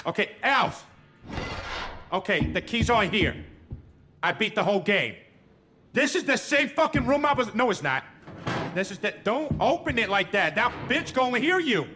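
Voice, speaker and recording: A young man with a very high, bright voice talks through a horror game in a loose, profane running commentary. His voice swings widely as he shifts from muttering to panicked yelling, with music playing faintly behind him. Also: very animated, moderate pace, long pauses. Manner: loud, profane, panicky reactions. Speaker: gamer streamer.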